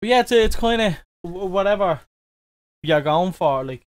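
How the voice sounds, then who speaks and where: A young man with a mellow Irish accent, chatting casually as an interview guest, with frequent restarts and fillers. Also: high voice, moderate pace, no echo. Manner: relaxed, repeats words, fillers like "like" and "um".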